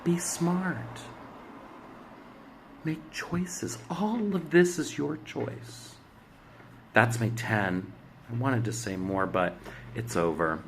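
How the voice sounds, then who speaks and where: A man hosting a spiritual astrology talk, giving blunt, preachy exhortations with swearing, swinging from loud urging to hushed asides. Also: medium pitch, drawn-out words, long pauses, a little hiss or hum. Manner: commanding exhortations. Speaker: spiritual astrology show host. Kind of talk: emphatic motivational monologue.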